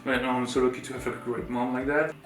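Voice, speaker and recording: A man from France, telling a personal story as co-host in a rambling, animated, filler-heavy way. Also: mid-range voice, fast talker. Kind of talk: casual storytelling chat. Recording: roomy room with faint guitar music.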